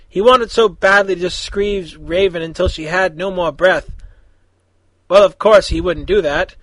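Brief: casual fan fiction reader, high voice, dry close sound. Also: male voice, a bit bright, no echo, poor audio. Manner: casual, chatty asides. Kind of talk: reading fan fiction aloud.

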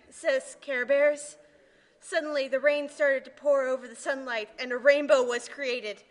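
Slow high-voiced woman reading a silly story. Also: expressive, fairly bright tone. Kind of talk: deadpan comic reading in broken English.

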